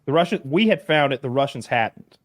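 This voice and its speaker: A man's voice: mid-range voice, lively intonation, a little fast, dry recording. A man co-hosting a podcast, telling a rambling story in casual chat. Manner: rambling storyteller, puts on mocking voices. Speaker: podcast co-host.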